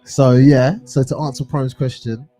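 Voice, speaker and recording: A young man with a home counties accent talks in a relaxed, rambling way, his voice mellow and dark. Faint music plays underneath as he chats as co-host of a music show. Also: mid-range voice, measured pace. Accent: English home counties. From England. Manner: relaxed, chatty, rambling with restarts. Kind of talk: casual chat. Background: music playing.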